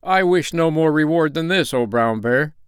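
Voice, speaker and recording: A man's voice: medium pitch, expressive, moderate pace, clean tone, no echo, clean studio sound, voice pushed up, close to an everyday voice. A man reading the part of a humble, brave peasant father mourning his lost child. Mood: earnest.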